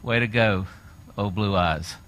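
Male pastor, middle-aged, animated sermon storytelling, crisp forceful tone. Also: on the low side, a little slow. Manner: animated storytelling, acts out quoted voices.

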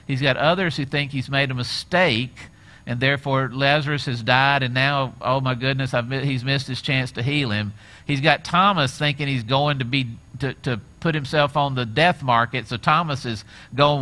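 Male pastor, middle-aged, animated sermon storytelling, crisp forceful tone. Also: a little high, moderate pace. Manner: animated storytelling, acts out quoted voices.

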